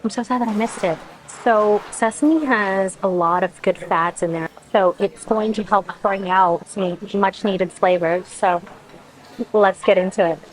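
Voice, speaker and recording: A woman's voice: mid-range voice, a little slow, poor audio. Woman food vlogger gushing over each bite, lots of wows and mms. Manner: effusive, exclaims often while tasting. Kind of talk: casual food review to camera.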